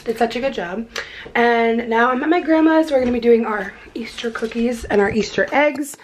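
A woman's voice: on the high side, moderate pace, background noise. Bubbly young woman vlogging. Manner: bubbly, giggly, says "like" often. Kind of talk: casual vlog chat.

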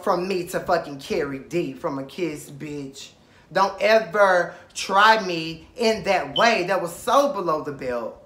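A man's voice: high-pitched, animated, slow, fairly bright tone, echoey room. A man with an East Texas accent hosting a casual reality-show review, sassy and profane, talking straight to the people on the show. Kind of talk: casual commentary.

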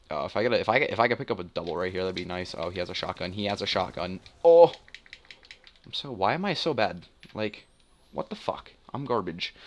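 Young male gaming host, lowish voice, mutters and curses through live play commentary. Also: a bit bright. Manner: muttering, swearing, self-deprecating grumbling.

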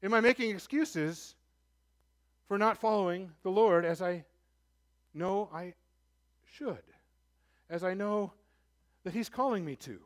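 Taking his time and pausing often, a male pastor preaches in church. He pleads earnestly, pushing to emphatic peaks before easing down into a soft, low voice.

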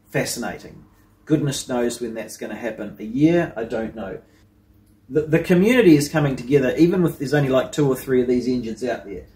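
A man's voice: medium pitch, warm tone. Guy rambling about his hobby builds, lots of ums, roomy echo. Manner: rambling, with frequent ums and you-knows. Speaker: hobby engineering channel host. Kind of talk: casual vlog commentary.

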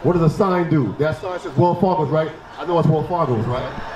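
A man preaching on a city street, forceful and confrontational, firing rhetorical questions at passersby. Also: on the high side, moderate pace, echoey room, a crowd in the background, poor audio. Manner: forceful, fires rhetorical questions, repeats "right?".

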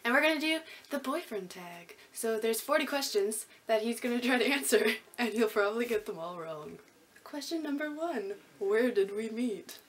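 A woman's voice: a little high, lively intonation, moderate pace. A teenage girl hosting a casual tag video, giggly and teasing. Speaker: vlogger host. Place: home at night.

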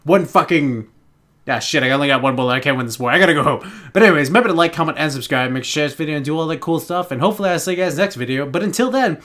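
A young man giving excitable, rambling let's play commentary, swearing constantly and getting jittery as he plays. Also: fairly high pitch, racing. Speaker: gaming YouTuber.

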